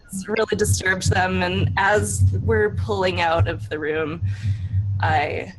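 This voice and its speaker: A woman's voice: fairly low pitch, fairly even intonation, slow, noisy background. A woman narrating her character's actions in a tabletop role-play, in a chatty, filler-heavy way with frequent laughter. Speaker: player.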